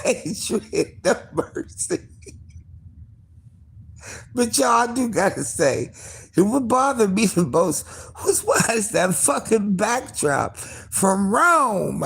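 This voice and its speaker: A woman hosting a casual live stream, gossiping in an animated, profane way and laughing often. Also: mid-range voice, creaky, slightly rough. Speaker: livestream host.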